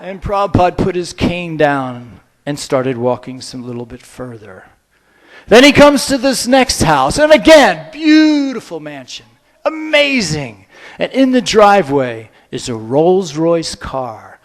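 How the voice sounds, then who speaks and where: A man giving a humorous storytelling lecture, playful and animated, drawing the audience in. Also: sits high, unhurried.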